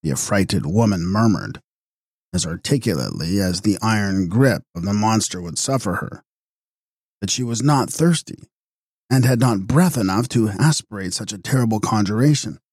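A man's voice: on the low side, animated, normal speed, a little mellow, breathy edge, no echo, studio quality. Man narrating a gothic audiobook. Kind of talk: scripted narration.

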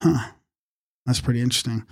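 A man's voice: mid-range voice, brisk, gravelly, darkish tone, breathy edge, dry recording. A man co-hosting a casual podcast, reading notes aloud and breaking off for his own asides. His voice is getting worn, and the sound is close and dry with no room around it. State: losing his voice. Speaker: podcast co-host.

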